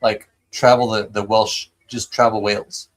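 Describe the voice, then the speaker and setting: A man's voice: fairly low pitch, level tone, normal speed. A man hosting a live stream in casual chat, often hesitating and restarting his sentences. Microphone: home streaming mic.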